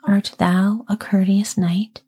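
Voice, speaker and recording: A woman's voice: medium pitch, level tone, slow, warm tone, husky. A woman whispering the lines of a tall, gaunt female ghost who speaks in a hollow, commanding, archaic way, as whispered role-play.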